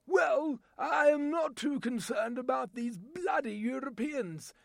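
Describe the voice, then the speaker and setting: A man putting on an as an indignant man who grumbles and nearly shouts. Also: very high-pitched, slow pace, creaky, no room sound, pitched above the performer's own voice, heavily acted. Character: grumbling British man fed up with Europe.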